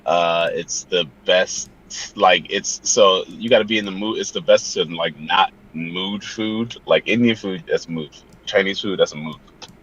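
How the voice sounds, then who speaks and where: A man's voice: low voice, measured pace, fairly bright tone, slightly rough, highs cut off. A man with a Philadelphia accent co-hosting a casual live stream, dry and wisecracking. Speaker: podcast co-host.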